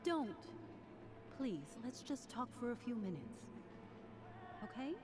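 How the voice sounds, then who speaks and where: Brief: a preachy, insistent friend, animated delivery, game music underneath. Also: female voice, a little high, takes it slowly. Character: pushy preachy woman, a family friend. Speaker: video game character.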